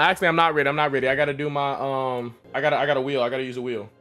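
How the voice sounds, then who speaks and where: A young man from the Atlanta area, streaming and commentating his own sports video games, swearing and yelling at plays. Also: medium pitch, quick pace, faint music behind. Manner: excitable, swears a lot, yells at plays. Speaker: gaming streamer. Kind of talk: casual gaming commentary.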